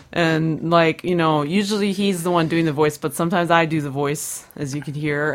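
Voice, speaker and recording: Woman, low voice, casual rambling chat, lots of fillers and giggles. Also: steady tone, measured pace.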